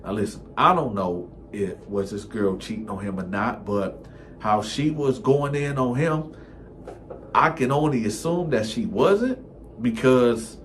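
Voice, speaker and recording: A man telling a personal story in a loose, conversational way, at an average pitch. He is animated and often restarts his sentences mid-thought. A faint hiss sits under his voice. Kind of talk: casual first-person storytelling.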